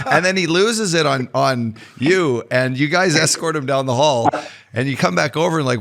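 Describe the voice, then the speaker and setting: A man's voice: on the high side, lively intonation, moderate pace, vocal fry, a bit bright. A man, a former hockey player and podcast co-host, tells a story in casual chat. He laughs, swears and acts out the lines of the other players.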